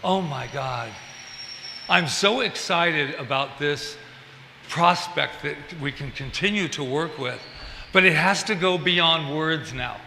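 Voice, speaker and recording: A man, a reverend, preaching a sermon in an animated, playful and confiding way, recorded in a church service hall. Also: fairly high pitch, slow pace, gravelly, slight background noise. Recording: echoey hall.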